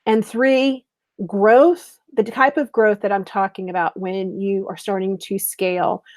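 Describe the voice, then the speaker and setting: A middle-aged woman coaching online business owners, pitching her program in a lively, chatty way. She talks straight to her viewers as if they were friends, at a middle pitch. Her webinar delivery is upbeat and direct. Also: measured pace, no echo.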